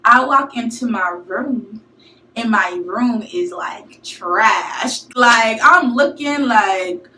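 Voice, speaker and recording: A young woman from St. Louis telling a college story to her viewers in a casual, slangy, animated way. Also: on the high side, slow, a little hiss or hum. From St. Louis, USA. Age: young adult. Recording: echoey room, mic at a distance.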